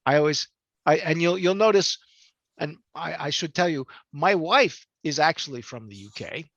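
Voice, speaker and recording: An older male voice actor tells stories from his career in a chatty, animated way, his pitch swinging widely as he talks. The sound is dry and close, with no room around it. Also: moderate pace, no room sound, muffled recording. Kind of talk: interview storytelling.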